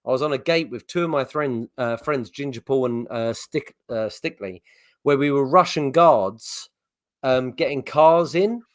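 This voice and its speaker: A man's voice: medium pitch, a little slow, no echo, studio quality. A man co-hosting a podcast, chatting casually with swearing and laughter. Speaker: podcast co-host. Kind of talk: casual chat.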